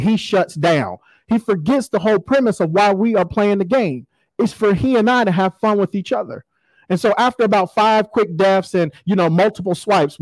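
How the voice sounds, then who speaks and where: Man, thirties, pastor, conversational sermon, high voice. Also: a little mellow, no echo, poor audio. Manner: conversational storytelling preacher, folksy asides.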